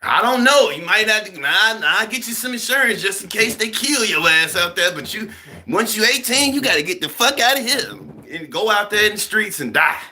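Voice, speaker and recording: A man's voice: high voice, normal speed, a little hiss or hum. Heated, swearing young man ranting. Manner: animated, heated, swearing, acts out other people. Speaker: vlogger. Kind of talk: profane ranting monologue.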